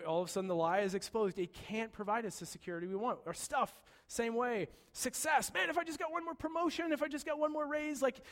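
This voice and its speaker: A man with a high, light voice preaching to a congregation. He tells the story with playful humor, dropping to a quiet hush and then rising to loud excitement. His words ring out with the long echo of a large hall. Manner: animated storytelling with humor, voice swinging from soft to loud. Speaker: pastor. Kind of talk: sermon.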